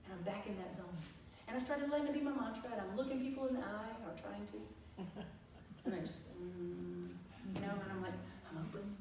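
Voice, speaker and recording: A woman minister, telling a lively story in a sermon and acting out the dialogue with laughter. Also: mid-range voice, a little fast, a little hiss or hum. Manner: animated, acts out dialogue with laughter. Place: church sanctuary. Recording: echoey hall, far from mic.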